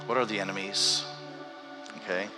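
A man preaching a sermon as pastor, swinging between loud emphasis and hushed, earnest stretches. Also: on the low side, fairly even intonation, moderate pace, over music.

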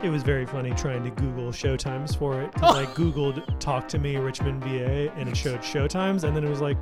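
A man's voice: mid-range voice, steady tone, fairly quick, loud music behind the voice. A man co-hosting a podcast in casual chat, telling wry stories. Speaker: podcast co-host.

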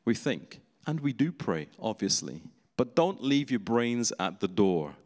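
A man's voice: medium pitch, sing-song, a little slow, darkish tone. A man preaching a sermon in a conversational way, with laughing asides. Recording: long hall reverb.

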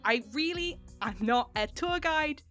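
A woman playing a fed-up city official in a tabletop game, hoarse and raspy from illness. The voice is curt and impatient, sharper and a little higher than her own. Their patience with the players is plainly gone. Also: expressive, a little slow, fairly bright tone, soft background music. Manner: brusque, impatient, swears. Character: weary short-tempered city official, exasperated.

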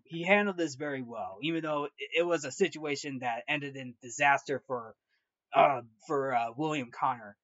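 A man's voice: fairly high pitch, dry recording. A man hosting a movie review show, recapping a film in a casual, rambling way with many restarts and fillers. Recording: dull lo-fi, dry sound.

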